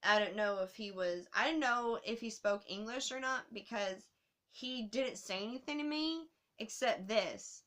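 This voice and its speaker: Bright-voiced woman ranting through a story. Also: on the high side, unhurried. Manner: animated, frequent swearing. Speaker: vlogger telling a story. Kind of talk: casual storytime monologue.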